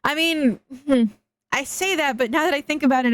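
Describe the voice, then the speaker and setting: A woman's voice: high voice, moderate pace, dry recording. A young woman streaming live in casual chat, blunt and swearing freely. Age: young adult. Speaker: VTuber streamer.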